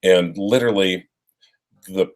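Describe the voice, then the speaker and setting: A man's voice: sits low, steady tone, unhurried. A man co-hosting a live stream, chatting casually and giving rambling advice with fillers. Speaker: co-host of a watch live stream.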